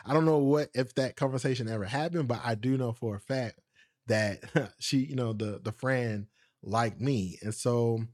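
Chatty male podcast host telling a story. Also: mid-range voice. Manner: animated, laughs often, quick asides; speaks straight to listeners. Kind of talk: casual storytelling monologue.

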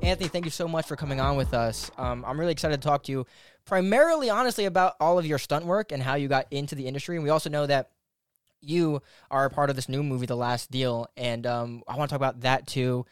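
A man's voice: mid-range voice, clean tone, no room sound. A man hosting a casual interview, welcoming his guest and asking questions with friendly fillers. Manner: friendly, with fillers and quick asides. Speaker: podcast host.

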